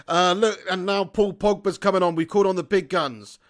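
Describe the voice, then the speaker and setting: Young guy doing footy commentary, high voice, gets loud and sweary. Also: brisk. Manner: excitable, swearing, shouts at the referee. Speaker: football watch-along host. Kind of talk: live match commentary and chat.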